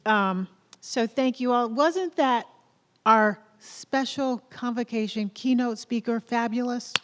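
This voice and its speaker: A woman with a Southern accent speaks at a lectern in a large theater, and her voice rings with long reverb. She talks in a loose, chatty way, encouraging the crowd, and she builds to loud rallying questions. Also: fairly high pitch, slow, slight background noise. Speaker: college president. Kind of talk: off-script welcome speech.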